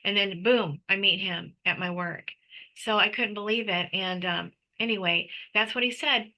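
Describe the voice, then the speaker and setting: A woman guest telling her personal story in an emotional, animated way, full of restarts. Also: mid-range voice, moderate pace, muffled recording. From United States. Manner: animated, breathless retelling with restarts.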